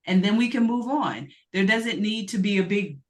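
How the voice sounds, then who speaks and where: A woman's voice: mid-range voice, animated, moderate pace. A woman from the United States speaking earnestly as a panel guest, often restarting her sentences and sharing personal stories. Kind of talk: panel discussion.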